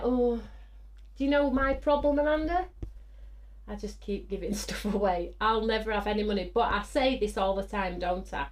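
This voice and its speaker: A woman's voice: on the high side, moderate pace. Bubbly woman hosting a craft stream. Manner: bubbly and excitable, whooping and laughing. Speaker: host of a live craft show. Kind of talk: live-stream chat reading viewer comments.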